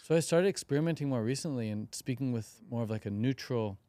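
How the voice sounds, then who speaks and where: A man's voice: mid-range voice, fast talker, dark tone, dry recording. A young man hosting a casual podcast chat, curious and breezy, full of slang and acted-out example lines. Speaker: podcast host.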